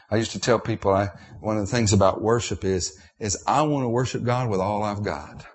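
A man's voice: on the low side, brisk, hardly any pauses, slightly rough. A middle-aged man preaching a sermon, emotional and repetitive, with restarts.

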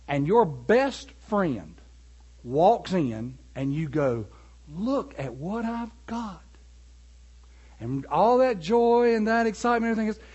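A man preaching a sermon, animated and building to emphatic peaks. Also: on the high side, breathy edge, muffled recording.

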